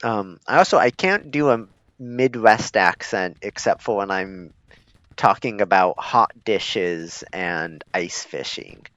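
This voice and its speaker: A man's voice: lowish voice, expressive, takes it slowly, fairly bright tone, no echo. A man giving laid-back, chuckling, self-deprecating commentary as he plays a strategy game. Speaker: gaming streamer. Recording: slightly dull lo-fi recording.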